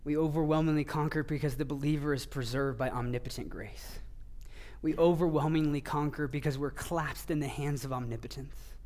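Man preaching, fairly high voice, earnest, emphatic then hushed. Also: steady tone, brisk. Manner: earnest, swings between emphatic rises and hushed low passages. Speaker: pastor. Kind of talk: sermon.

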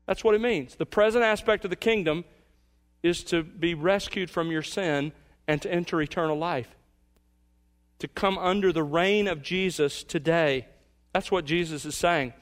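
A man with a somewhat higher voice preaching a verse-by-verse sermon from the pulpit. He speaks in an emphatic, measured way and slows down to lean on the words that matter. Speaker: pastor. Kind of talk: expository sermon.

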